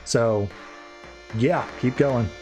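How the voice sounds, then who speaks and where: A young adult man on a podcast, casually recapping a comic in a loose, rambling way and jumping into quick voices for quoted lines. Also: mid-range voice, loud music behind the voice. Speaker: podcast co-host.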